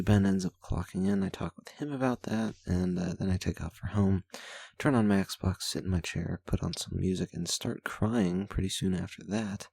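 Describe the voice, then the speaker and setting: A man's voice: low voice, creaky, a little mellow, no room sound. A man hosting a vlog, candidly reading his daily journal aloud, rambling and self-deprecating with blunt swearing. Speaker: vlog host.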